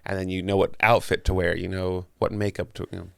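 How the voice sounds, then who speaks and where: A man's voice: low-pitched, flat delivery, quick pace, creaky, smooth, no room sound. A man chatting as a guest in an interview, rambling with many restarts and casual swearing. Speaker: guest, comedian and voice actor.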